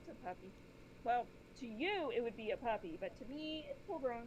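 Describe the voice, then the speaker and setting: Woman player, slightly high voice, blunt and plain-spoken, faint hiss. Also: very animated, brisk, darkish tone, rough recording. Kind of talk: in-character tabletop role-play.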